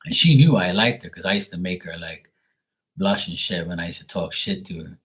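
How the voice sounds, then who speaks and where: A man's voice: sits low, expressive, fairly quick, a bit bright, slightly rough. A man hosting a live stream who tells stories in a rambling, blunt, profane way. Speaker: live tarot reading host. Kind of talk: casual storytelling on a live stream.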